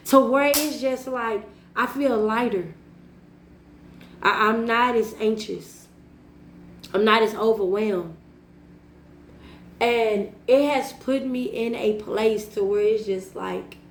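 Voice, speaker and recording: Slow-talking woman in an echoey room. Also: fairly high pitch, slight background noise. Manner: earnest, repetitive phrasing, laughs at herself. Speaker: vlogger. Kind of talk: personal reflective monologue.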